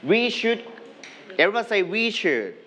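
A man's voice: high voice, big pitch swings, normal speed, a crowd in the background. A man with a Thai accent teaching an English class, prompting students and having them repeat phrases back. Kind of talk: classroom language drill.

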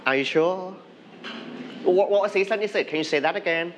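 A man's voice: sits high, slight background noise. Thai-accented man teaching an English class. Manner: patient, coaxing, slows down to model words. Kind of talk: classroom lesson with call-and-repeat drills.

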